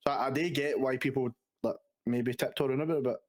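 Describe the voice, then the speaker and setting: A man's voice: mid-range voice, fairly even intonation, fast talker. A man co-hosting a casual podcast, chatty and laughing.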